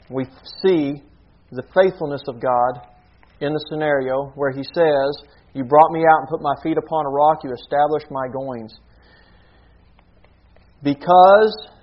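A man's voice: fairly high pitch, highs cut off. A man preaching a sermon in an earnest teaching manner, often checking in with a rhetorical "okay?".

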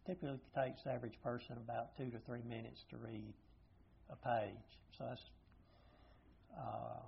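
An older man leads an informal Bible study class, lecturing a group in a plain-spoken way and thinking aloud as he goes. His mid-range voice is level and creaky at a moderate pace, and the dull lo-fi recording carries a little hiss or hum.

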